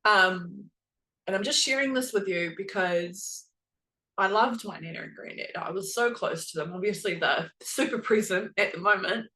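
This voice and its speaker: A woman speaks at an ordinary pitch in a relaxed, chatty way, sharing a spiritual story. Her talk is earnest and emotional and full of "like" and small restarts. It sounds like a podcast host talking to her listeners. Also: normal speed, poor audio.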